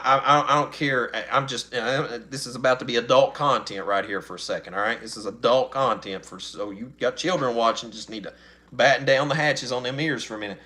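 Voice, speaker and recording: A man's voice: mid-range voice, bright, forceful tone. A middle-aged man, chatting casually on his channel in a rambling, folksy way with frequent laughs. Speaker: channel host. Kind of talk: casual live-stream chat.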